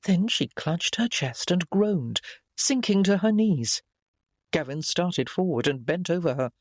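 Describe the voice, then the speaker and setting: A male audiobook narrator telling a period romance with an animated, lively melody. The recording is dry and close, with no room sound, and his manner is expressive and engaged. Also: high-pitched, a little slow, no room sound. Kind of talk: scripted narration.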